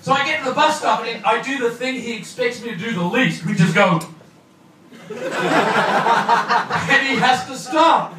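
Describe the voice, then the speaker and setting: An Australian man doing a loose, joking stand-up comedy set on a club stage. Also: very high-pitched. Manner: loose, joking, mixes in Japanese. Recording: echoey room from far off, noisy.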